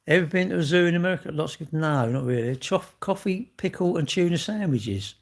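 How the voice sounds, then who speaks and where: He's in his sixties, running a live stream where he jokes around with viewers and swears now and then. His fairly high voice is expressive, brisk, and creaky.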